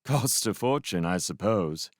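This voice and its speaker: A man voicing a smug, sneering young male magician who talks in a mocking, sharp-edged way. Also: sits low, animated, unhurried, no echo, clean studio sound. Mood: offhand.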